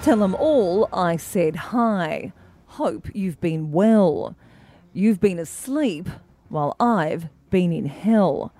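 This is a stiff, slow newsreader voice, put on by a woman radio host. She reads the lines in a flat, deadpan way. The studio sound is dry and close. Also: on the low side, no echo, soft background music, heavily acted. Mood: deadpan reading. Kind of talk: deadpan newsreader voice reading song lyrics. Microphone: studio microphone.

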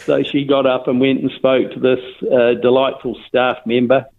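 An older man with a New Zealand accent tells a long story over the phone, rambling and restarting his sentences. His voice sits at a middle pitch and comes through a thin, tinny phone line. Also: flat delivery, normal speed, vocal fry. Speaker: interviewee. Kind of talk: phone interview, casual storytelling.

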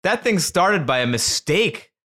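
A man's voice: high voice, big pitch swings, a little slow, pushed and bright. A young man co-hosting a casual food chat, enthusiastic, joking and swearing freely. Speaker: podcast co-host.

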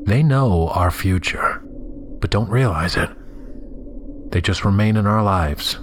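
A man with a very low voice tells a first-person horror story in scripted narration. His delivery is measured and somber, and he often sinks into hushed, whispered passages. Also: animated, a little hiss or hum.

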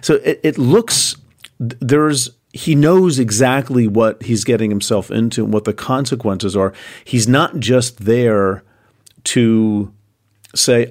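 A man's voice: mid-range voice, takes it slowly, a little mellow. A man co-hosting a podcast, explaining in a conversational way, with easy laughs and verses read aloud. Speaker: podcast co-host. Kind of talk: casual explanatory chat.

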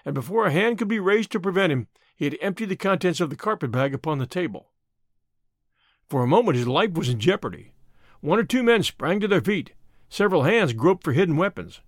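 A man narrating a classic short story in a measured, expressive audiobook reading. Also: fairly high pitch, no echo, studio quality.

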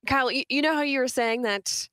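A young woman co-hosting a radio show, telling stories in a chatty, animated way full of restarts. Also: sits high, a little fast, clean tone, no echo. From Southwestern Ontario, Canada. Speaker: radio co-host. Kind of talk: casual radio chat. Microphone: studio microphone.

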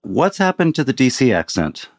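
A man's voice: mid-range voice, big pitch swings, normal speed, no room sound, studio quality. A man hosting an interview, laying out context at length before he asks his guest a question. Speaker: podcast host.

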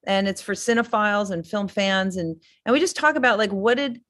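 A woman's voice: medium pitch, fairly quick, a bit bright. A middle-aged woman guest in a casual interview, rambling enthusiastically with many fillers and restarts. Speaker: filmmaker guest.

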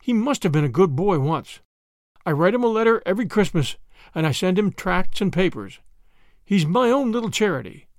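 A woman's voice: lowish voice, sing-song, normal speed, a little mellow, no echo, clean studio sound. A man voicing a kindly, stubborn old grandmother who talks in a fussy, earnest way.

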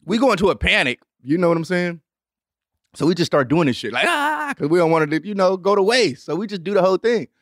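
A young adult man hosts his show with a loose, profane monologue, acting out every character with sudden swoops up in pitch. His voice sits a little high for a man, and the recording is close and dry. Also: quick pace, no room sound. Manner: animated, profane, acts out voices with big pitch jumps. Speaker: host. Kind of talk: storytelling monologue.

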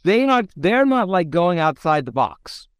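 A man's voice: high-pitched, a little slow, clear, resonant tone, no room sound, clean studio sound. A man hosting a casual interview, telling stories animatedly and swearing freely. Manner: animated storyteller who acts out quotes, swears freely. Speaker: podcast host.

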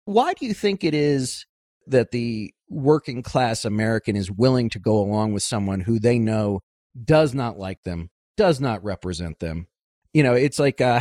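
A man's voice: medium pitch, darkish tone, no room sound, clean studio sound. A man hosting a podcast interview, asking long, winding questions with asides. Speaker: podcast host.

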